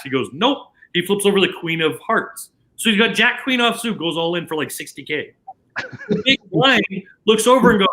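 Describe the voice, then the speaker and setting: A Canadian man with a bright, forceful voice, sitting slightly above the usual male pitch. He tells a poker story in casual podcast chat, tumbling through restarts and quoted lines as the tale unfolds. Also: fast, poor audio. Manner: animated anecdote telling with many restarts and quoted dialogue. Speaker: casino dealer, podcast guest.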